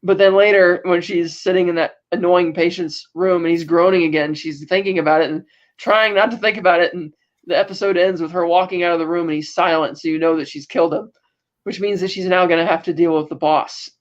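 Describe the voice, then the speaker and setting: A woman's voice: on the low side, fairly even intonation, a little fast, lo-fi sound. A woman co-hosting a podcast, casually recapping episodes in a rambling way and acting out quotes. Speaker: podcast co-host.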